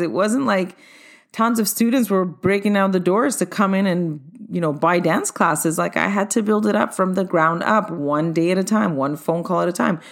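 A middle-aged woman who owns a dance studio, telling her own story in a chatty, upbeat way and speaking straight to her listeners. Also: medium pitch. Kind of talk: personal storytelling monologue.

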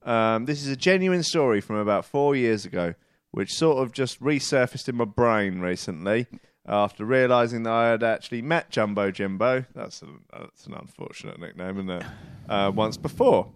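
A man's voice: mid-range voice, lively intonation, normal speed, smooth, no echo, clean studio sound. A man co-hosting a podcast, reading out a listener's message with wry asides. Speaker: podcast co-host.

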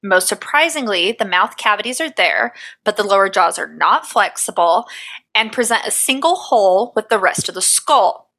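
A woman's voice: medium pitch, lively intonation, moderate pace, bright, forceful tone, rough recording. A woman co-hosting a casual podcast, reading her research notes aloud with profane, jokey asides. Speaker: podcast co-host.

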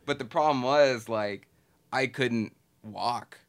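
A man's voice: mid-range voice, takes it slowly. A man in his thirties co-hosting a podcast, telling a story casually with lots of "like". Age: 30s. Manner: relaxed, filler-heavy, laughs through stories. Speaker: podcast co-host.

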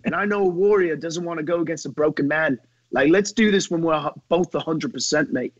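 A man's voice: fairly high pitch, fairly quick, no echo, muffled recording, natural voice. A man impersonating a battered young male rival who pleads earnestly and slides into a pirate-like voice. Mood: pleading. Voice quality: drifts into a pirate-like voice.

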